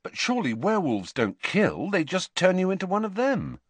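A man voicing an earnest, quick-speaking teenage schoolboy in a storybook reading. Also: high-pitched, huge pitch swings, no room sound, pitched above the performer's own voice, heavily acted. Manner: earnest, quick, sometimes angry. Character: worried teenage schoolboy hero.

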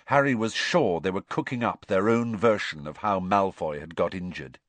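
A man narrating an audiobook with expressive storytelling, voicing every character himself. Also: low voice, normal speed, dry recording.

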